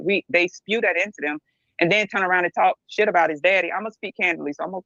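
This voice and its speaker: A woman's voice: lowish voice, fast talker, pushed and bright, no echo. Blunt middle-aged woman, dull dry recording. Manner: blunt, emphatic, keeps asking "right?". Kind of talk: candid podcast discussion.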